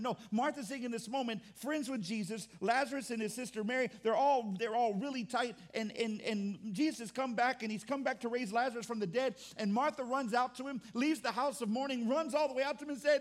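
A man's voice: very high-pitched, brisk, hardly any pauses. A man preaching as a pastor, conversational with restarts, mimicking complaining churchgoers. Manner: acts out churchgoers' complaints in mock voices. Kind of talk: sermon.

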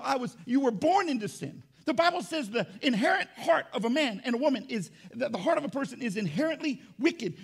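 A man preaching a sermon as pastor, emphatic and rising to shouts. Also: very high-pitched.

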